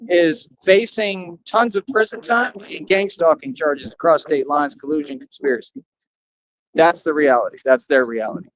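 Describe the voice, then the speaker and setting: A man's voice: fairly high pitch, moderate pace, a bit bright, muffled recording. A man ranting on a livestream, boastful and defiant, falling back on "like I said" again and again.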